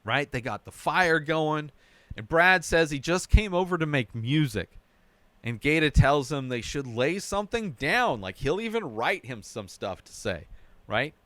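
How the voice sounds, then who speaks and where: Smooth-voiced man recapping a TV episode. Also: a little high, animated, measured pace, a bit bright, no room sound. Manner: narrates plot in a run-on way, often adding "right?". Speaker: podcast host recapping a TV episode.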